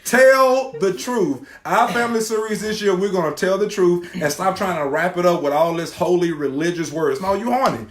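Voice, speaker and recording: A middle-aged man co-hosting a faith talk show, loud and animated, preaching in casual talk. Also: sits high, brisk, few pauses. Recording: roomy echo.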